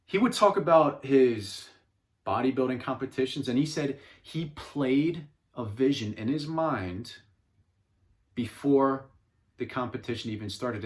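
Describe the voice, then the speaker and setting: Earnest man giving a home-office talk. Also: on the low side. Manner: earnest, repeats words and restarts often. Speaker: self-help vlogger. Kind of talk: casual motivational monologue. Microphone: phone camera.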